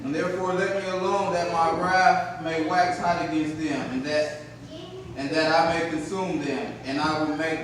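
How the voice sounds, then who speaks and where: A man reads scripture aloud in a steady, formal way, with a slightly high voice. He is heard from a distance in a very echoey church hall, with faint noise underneath. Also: normal speed. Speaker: scripture reader. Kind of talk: reading Bible verses aloud.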